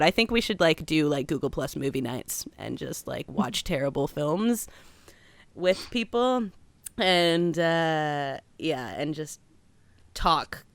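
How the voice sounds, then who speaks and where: A woman's voice: sits low, dry recording. Chatty, giggly woman co-hosting a podcast. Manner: chatty and giggly, reading a listener letter aloud. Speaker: podcast co-host. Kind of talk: casual chat.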